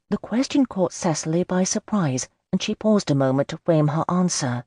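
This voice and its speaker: A woman narrating a historical romance audiobook in a measured storytelling manner. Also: on the low side, animated, mellow, slightly rough, dry recording, clean studio sound. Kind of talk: scripted narration.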